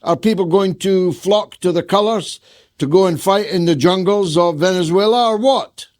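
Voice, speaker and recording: A man hosting an interview, putting questions hesitantly with pauses and restarts. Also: high voice, a little mellow. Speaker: interviewer, host.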